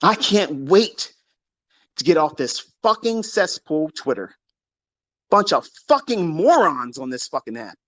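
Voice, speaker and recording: A man's voice: fairly high pitch, sing-song, a little slow, no room sound. Profane, combative man ranting live. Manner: profane, combative, boastful, swings from mutters to shouts. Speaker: host of live audio space. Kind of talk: ranting monologue on a live audio space.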